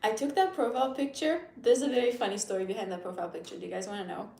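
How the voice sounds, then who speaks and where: A woman in her thirties chatting casually on a livestream, reading comments and swearing freely, with hushed asides. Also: mid-range voice, steady tone, very fast, creaky. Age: 30s. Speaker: livestream host. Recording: echoey room sound.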